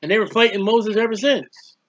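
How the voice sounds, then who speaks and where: A man's voice: sits high, fairly quick, a bit bright, muffled recording, slight background noise. A man giving a conversational Bible teaching, emphatic and acting out quoted prayers and speeches.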